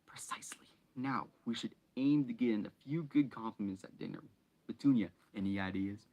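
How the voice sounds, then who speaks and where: A man's voice: medium pitch, moderate pace, highs cut off, lightly acted. A man voicing a blustering, nasty middle-aged uncle in a stern, clipped commanding tone. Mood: bossy.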